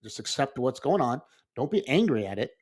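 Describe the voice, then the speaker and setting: A sixty-year-old man chats on a podcast in a relaxed, meandering way, often breaking into laughter. His voice sits at an ordinary middle pitch, and the talk stays sincere and unpolished throughout. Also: a little fast. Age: 60s. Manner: earnest, rambling, laughs often. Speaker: podcast co-host. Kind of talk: casual podcast chat.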